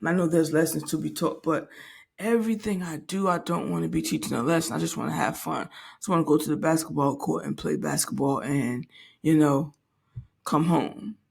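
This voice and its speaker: A woman's voice: low voice, normal speed, vocal fry, a little mellow, husky. A woman in her late forties, hosting a podcast and telling a personal story in a candid, reflective way that halts and restarts often. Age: late 40s. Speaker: podcast host.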